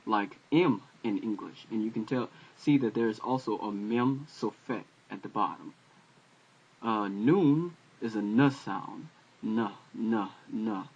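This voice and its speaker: Man, mid-pitched, unhurried hesitant teacher, repeats sounds aloud; muffled lo-fi home recording. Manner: slow, hesitant, with fillers and repeated letter sounds. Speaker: language teacher. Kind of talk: casual recorded lesson. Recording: dull lo-fi home video audio.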